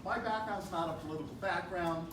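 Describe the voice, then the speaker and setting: An earnest man introduces himself to voters at a campaign event. His voice is fairly high, and he is recorded from a distance in an echoey room with steady background noise. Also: fairly quick. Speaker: candidate. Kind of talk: campaign speech.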